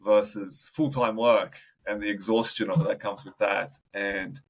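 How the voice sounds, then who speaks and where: A man co-hosts a relaxed podcast interview. He laughs easily and drops jokey made-up quotes into the chat. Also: on the low side, a little slow. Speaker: podcast co-host.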